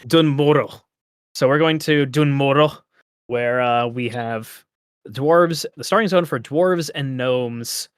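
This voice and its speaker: A man's voice: medium pitch, slow, smooth, dry recording, studio quality. A man co-hosting a casual gaming podcast, rambling and laughing often. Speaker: podcast co-host.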